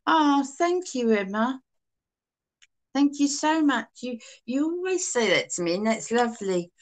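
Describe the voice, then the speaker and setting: A woman with a Cockney accent co-hosting a live chat stream, talking casually and warmly to her viewers. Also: fairly high pitch, sing-song, a little slow. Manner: chatty, calls people sweetheart and darling.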